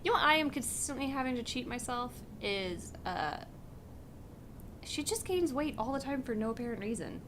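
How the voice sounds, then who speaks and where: A woman's voice: a little high, expressive, normal speed, fairly bright tone, slight background noise. A woman co-hosting a livestream, chatting casually, laughing often and restarting her sentences. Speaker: livestream co-host. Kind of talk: casual chat.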